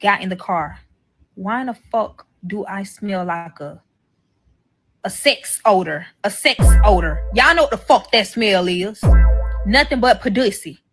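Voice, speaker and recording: A woman's voice: mid-range voice, normal speed, faint music behind. A young woman telling a profane story in a casual story-time video, and acting out what the other people said. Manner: animated, profane, acts out the other people's lines. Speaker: storyteller in a played clip.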